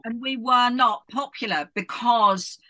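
A middle-aged woman from England, talking as a guest in a relaxed interview and musing reflectively, with frequent restarts and "you know"s. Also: fairly high pitch, a little slow. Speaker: guest author. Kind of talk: casual interview chat.

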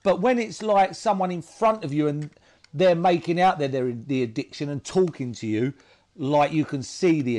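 Halting man recounting addiction. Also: fairly high pitch, a little mellow. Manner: halting, repeats himself, many fillers. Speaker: guest. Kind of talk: emotional personal interview talk.

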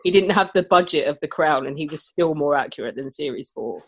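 A podcast host steering a relaxed panel discussion, mid-pitched and even-toned, quick to laugh and throw in dry jokes between questions. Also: highs cut off, slight background noise. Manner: laughs often, wry asides. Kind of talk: casual panel chat.

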